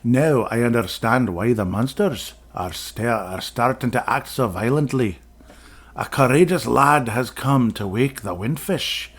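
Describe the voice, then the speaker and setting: A man's voice: mid-range voice, animated, measured pace, breathy edge. A man putting on a wise old owl with a mock Scottish burr. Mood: solemn.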